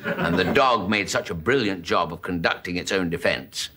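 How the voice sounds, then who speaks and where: A male comedian from Britain delivers a rambling comic monologue and giggles at his own jokes. It is a live taping with loud audience noise. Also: low voice, moderate pace, husky.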